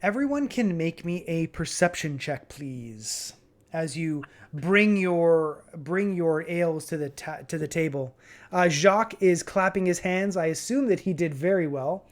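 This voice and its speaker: A man narrating as game master in a tabletop game, relaxed and hesitant, with many fillers. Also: on the high side, a little slow.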